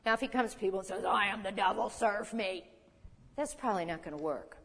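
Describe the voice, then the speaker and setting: A woman's voice: medium pitch, fairly quick, a bit bright, slight background noise. An older woman in her seventies giving conversational Bible teaching as a teacher, folksy, with chuckling asides and rhetorical questions. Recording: reverberant hall.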